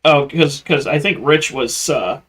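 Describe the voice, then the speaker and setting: A man's voice: a little high, a little slow, fairly bright tone. Blunt, opinionated man in casual chat. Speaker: podcast co-host.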